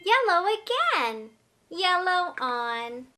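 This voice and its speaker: A young adult woman teaching toddlers through play, talking in a slow, exaggerated, encouraging sing-song. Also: very high voice, very animated, sharp tone. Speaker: early-childhood teacher.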